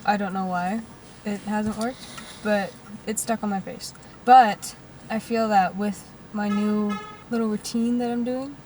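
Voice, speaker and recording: A woman's voice: medium pitch, fairly even intonation, a little slow, a little mellow, far from the mic, a little hiss or hum, poor audio. A young woman co-hosting a podcast in a car, talking casually with fillers and a bit of swearing. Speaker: podcast co-host. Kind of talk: casual chat. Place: inside a car.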